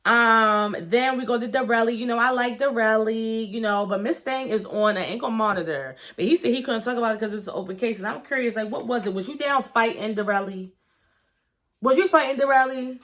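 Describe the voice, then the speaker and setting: A woman's voice: fairly high pitch, brisk, hardly any pauses, a bit bright. A woman giving a candid, gossipy review of a reality show in a casual vlog, talking with lots of fillers and profanity.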